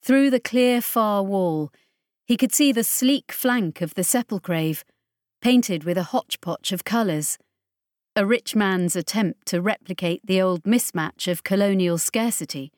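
A woman narrates an audiobook at a steady, measured pace, with a voice of medium pitch. The sound is close and dry, with no room reverb. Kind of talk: scripted narration.

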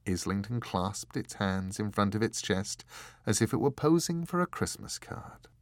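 A man narrating a fantasy novel in an expressive, measured storytelling manner. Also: on the low side, no room sound. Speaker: audiobook narrator. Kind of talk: scripted fiction narration.

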